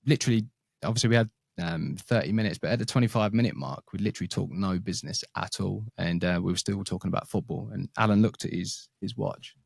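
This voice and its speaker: A man's voice: low voice, fast talker, creaky, a little mellow, dry recording, studio quality. A man who is a podcast guest, recounting his career in a rambling, anecdotal, casual way. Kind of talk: casual interview chat. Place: works in Sydney, Australia.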